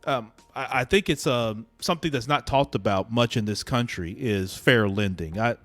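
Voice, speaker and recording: A male podcast host with a mid-range voice, speaking in a halting, word-searching way. The recording is dry and close, with faint music underneath. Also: medium pitch, a bit bright, no echo. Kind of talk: podcast interview.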